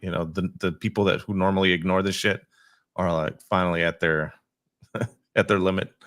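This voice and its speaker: A man co-hosting a veterans' podcast, chatting in a relaxed way and often laughing along. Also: sits low, normal speed. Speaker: podcast co-host, military veteran. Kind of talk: casual chat.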